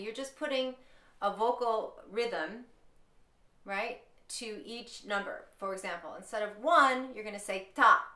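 A woman's voice: medium pitch, bright, forceful tone. A woman teaching a rhythm lesson, who explains patterns and chants counted syllables aloud. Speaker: music teacher. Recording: echoey room.

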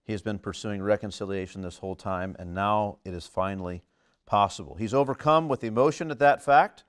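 A man preaching a sermon in an earnest, emphatic manner, swinging between loud stresses and quiet asides. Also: fairly quick, clear, resonant tone. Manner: earnest, emphatic, lively swings in pitch and loudness.

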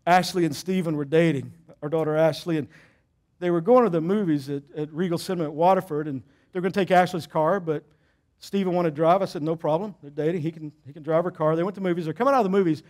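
A middle-aged man, a pastor, preaching a sermon with animated, emphatic storytelling and self-deprecating humor. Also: fairly high pitch, fast talker.

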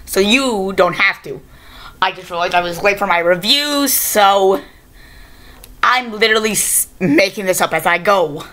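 A woman's voice: mid-range voice, animated, measured pace, pushed and bright. A woman hosting a casual, improvised video review, rambling and correcting herself as she goes. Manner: rambling, unscripted, self-correcting.

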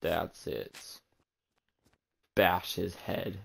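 A man's voice: low voice, lively intonation, extremely slow, gravelly, slight background noise. A man streaming a video game, chatting casually and teasing the characters on screen in a rambling way. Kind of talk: casual gameplay commentary.

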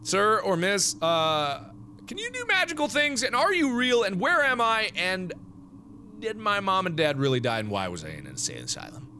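A man's voice: high-pitched, wildly swooping pitch, normal speed, sharp tone, a little hiss or hum, pitched above the performer's own voice, heavily acted. A man voicing a curious, polite ten-year-old girl in a game, asking earnest questions. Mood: pleading. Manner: earnest, questioning, addresses others as sir.

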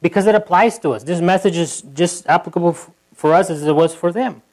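A pastor giving a sermon in church, talking in a loose conversational way with asides to the congregation and acting out quotes. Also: male voice, sits high, fairly quick, poor audio. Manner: animated, acting out quotes in a livelier voice.

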